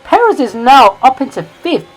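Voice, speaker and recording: Give me an excitable woman commentating a race game. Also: high voice, normal speed, poor audio. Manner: excitable, rising and louder in tense moments; chatty, self-correcting asides. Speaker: sim racing video creator.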